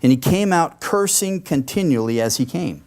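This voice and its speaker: A man's voice: on the high side, lively intonation, moderate pace, darkish tone. A man, a pastor, preaching an expository sermon with casual conversational asides to the congregation.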